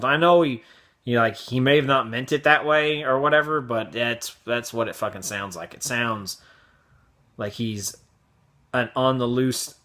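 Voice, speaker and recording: A man's voice: medium pitch, normal speed, sharp tone. A man hosting his own video blog, giving a profane, sarcastic opinion rant in a casual way. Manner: profane, sarcastic, mocks others in raised voices. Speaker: vlog host.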